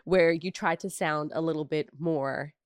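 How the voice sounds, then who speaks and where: A woman's voice: low-pitched, unhurried, clear, resonant tone, dry recording, studio quality. A woman from Brooklyn, co-hosting a podcast and telling personal stories in casual conversation. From Brooklyn, New York. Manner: reflective storytelling with asides. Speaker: podcast co-host.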